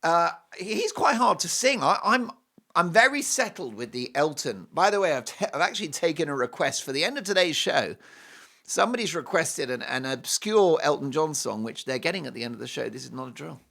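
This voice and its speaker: A man hosting a talk show, delivering a jokey, animated monologue. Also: on the high side, fairly quick, gravelly. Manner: animated, jokey, breaks into singing. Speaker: host.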